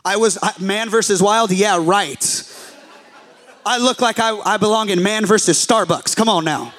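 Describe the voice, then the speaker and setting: A young man preaching as a pastor, telling a story in an animated, self-deprecating way and joking with his listeners. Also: high-pitched, normal speed. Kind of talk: humorous storytelling sermon.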